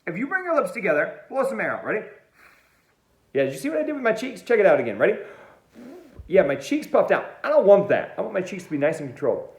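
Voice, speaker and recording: An energetic male music teacher talks right to the camera in a quick, lively, high voice that jumps all over. His upbeat, playful lesson rings out in a roomy, echoing space. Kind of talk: online music lesson for kids. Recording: roomy echo.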